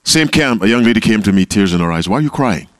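Low-voiced preacher quizzing his congregation. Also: lively intonation, fast talker, no echo. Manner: call-and-response preaching, questioning the audience. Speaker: pastor. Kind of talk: sermon. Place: camp meeting talk.

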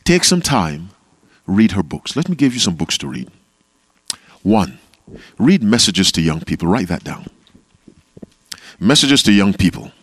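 A man delivers a sermon in a lowish voice, questioning his listeners and answering in single words. The recording is dry and close, with little room sound. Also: very animated, unhurried, pauses often, a bit bright, breathy edge, no room sound. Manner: call-and-response preaching, questioning the audience. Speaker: pastor. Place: camp meeting talk.

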